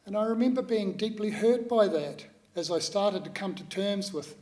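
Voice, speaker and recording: Older New Zealand man, public speaker, thoughtful and halting, pitched a little high. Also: fairly even intonation, mellow. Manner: measured, reflective, with many pauses and hesitations. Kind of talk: personal talk to an audience.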